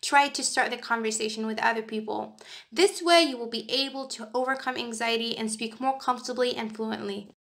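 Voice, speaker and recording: Gravelly-voiced woman teaching pronunciation. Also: fairly high pitch, a bit bright. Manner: clear, emphatic, demonstrates word stress slowly. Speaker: English teacher. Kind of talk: scripted lesson narration.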